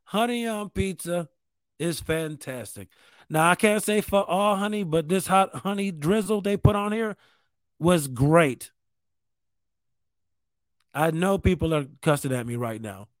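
A man's voice: high-pitched, measured pace, long pauses, no room sound. A man from New York State hosting a show, talking in a rambling, profane, self-mocking casual monologue. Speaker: podcast host.

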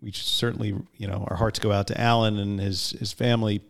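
A man's voice: lowish voice, level tone, a little fast, gravelly. A man co-hosting a casual podcast, talking in a rambling way with many fillers. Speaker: podcast co-host.

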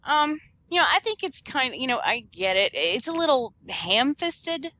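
Bright, lively woman podcast co-host. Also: sits high, normal speed, slight background noise. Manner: chatty, laughs often, trails off with fillers. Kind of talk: casual movie review chat. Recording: dull lo-fi podcast audio.

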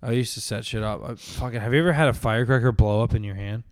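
A man's voice: medium pitch, fast. A young man co-hosting a podcast, blunt and teasing, swearing freely in casual chat. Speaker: podcast co-host.

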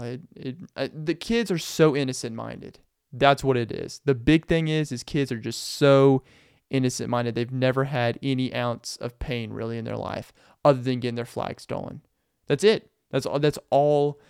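Smooth-voiced young man telling stories. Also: mid-range voice, dry recording, clean studio sound. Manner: rambling, animated, laughs often. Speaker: podcast host. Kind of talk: casual storytelling monologue.

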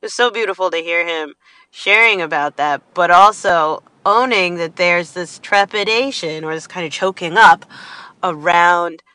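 A woman talking from inside a car in a casual motivational monologue, animated and acting out quotes. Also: lowish voice, no room sound, low-quality recording. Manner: animated, acts out quotes in lively voices.

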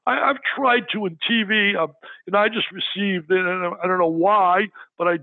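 An older man and sports broadcaster telling excited stories in an interview, with animated, exclamatory talk. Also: high-pitched, moderate pace, no room sound, narrow, tinny audio. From New York area. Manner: animated, exclamatory, raises his voice for quoted arguments.

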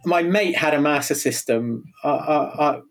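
Man, middle-aged, fairly high voice, enthusiastic, rambling, casual interview guest. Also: normal speed, creaky. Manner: rambling, enthusiastic, many restarts and tangents. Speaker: guest, video producer.

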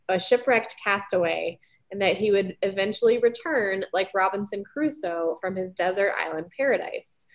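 A young woman co-hosting a podcast, a former teacher, chatting casually with lots of ums and likes and frequent giggles. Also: mid-range voice. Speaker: podcast co-host. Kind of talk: casual chat, retelling research.

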